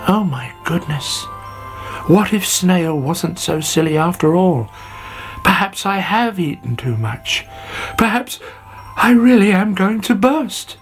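A man voicing a greedy, cheeky young male caterpillar in a storybook, with a high whiny voice. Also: lively intonation, slow pace, soft background music, exaggerated voice. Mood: panicked.

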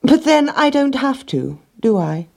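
A woman's voice: sits high, sing-song, a little slow, gravelly, dark tone, pitched above the performer's own voice, full character voice. A woman voicing a sly, selfish male rat who speaks smugly and wheedles. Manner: smug, wheedling.

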